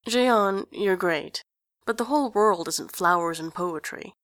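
A woman voicing a sardonic, self-deprecating young man with a dry, wry, quiet delivery. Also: mid-range voice, a little slow, no room sound, natural voice.

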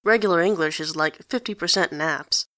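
Woman reading sarcastic teen boy, dry jokey voice, kinda low. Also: normal speed, fairly bright tone, no room sound. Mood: wry. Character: sarcastic teenage boy, self-deprecating and wary.

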